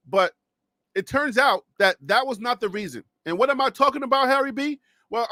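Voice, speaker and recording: A man hosting a casual sports talk show from his home studio, excited and slangy, repeating himself and laughing often. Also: sits high, no echo.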